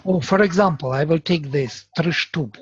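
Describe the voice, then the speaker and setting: A man teaching Sanskrit in a seminar, speaking as a with many pauses and chanting verses aloud. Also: on the high side, darkish tone, slightly rough, no echo. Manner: slow, halting, chants verses. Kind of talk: seminar lecture with recitation. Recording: dull, dry lo-fi recording.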